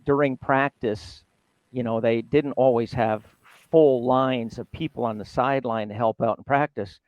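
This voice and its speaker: A man's voice: medium pitch, normal speed, no echo, narrow, tinny audio. An older man, a retired athletic trainer, telling stories as an interview guest and often laughing. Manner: animated storyteller, laughs often, mimics others. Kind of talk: casual storytelling interview.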